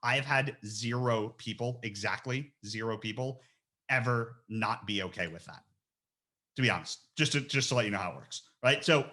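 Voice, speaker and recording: Energetic slangy man demoing software. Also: medium pitch, fast. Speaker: recruiter giving a software training. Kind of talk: casual webinar demo.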